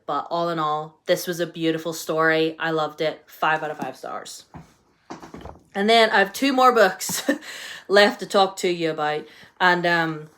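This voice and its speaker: A young woman with a British accent chats through her monthly reading in a relaxed, rambling way, circling back with "um" and "like" as she goes. Her voice sits a little low for a woman. She sounds keen about the books she loved. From United Kingdom. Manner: chatty and rambling, many fillers and restarts, enthusiastic. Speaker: book vlogger. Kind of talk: casual book review chat.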